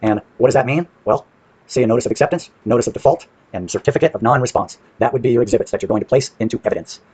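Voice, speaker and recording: Man, rapid-fire, husky, profane, rhetorical questions, casual walkthrough. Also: mid-range voice, darkish tone, no room sound. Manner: profane, brash, asks and answers his own questions. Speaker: presenter walking through legal paperwork.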